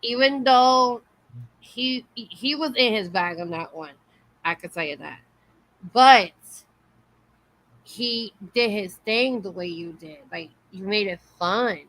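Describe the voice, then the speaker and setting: A woman's voice: medium pitch, lively intonation, takes it slowly, a bit bright. A woman hosting a casual interview, upbeat and encouraging, with plenty of slang. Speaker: interview host. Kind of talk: casual chat.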